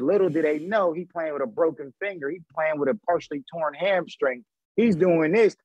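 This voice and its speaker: Former pro athlete guest, thirties, loose slangy storytelling, husky, dry close mic. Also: male voice, on the high side, normal speed, dry recording, muffled recording. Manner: animated, slangy storyteller acting out quoted dialogue. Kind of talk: casual interview storytelling.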